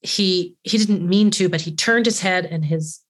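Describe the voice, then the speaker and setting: A woman's voice: on the low side, a little slow. Woman, podcast co-host, casual storytelling, earnest, emotional.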